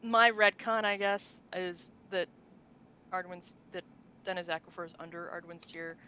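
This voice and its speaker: This co-host has a lowish, sharp-toned voice and a moderate pace, captured on a rough recording with slight background noise. She chats loosely about tabletop game lore, laughing often and leaning on fillers and restarts.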